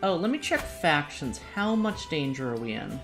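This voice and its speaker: Woman streamer, low voice, chatty play-by-play, thinks out loud, faint music under her. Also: very animated, moderate pace. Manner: self-deprecating, jokey asides. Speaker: VTuber streamer. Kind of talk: live game-stream commentary.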